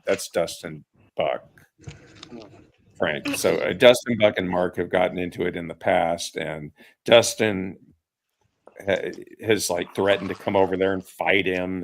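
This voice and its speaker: A man hosting a casual online chat, retelling stories in a relaxed way. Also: deep voice, a little hiss or hum. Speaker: host.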